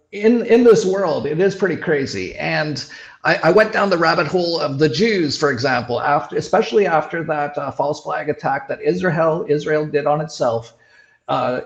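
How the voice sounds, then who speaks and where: A middle-aged Canadian man with a fairly high voice talks in a loose, rambling way, doubling back and restarting often. His audio is roomy and muffled, like a remote call picked up in an echoey room. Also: lively intonation, moderate pace, gravelly. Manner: rambling, many restarts and fillers. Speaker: show host. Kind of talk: casual conversational interview.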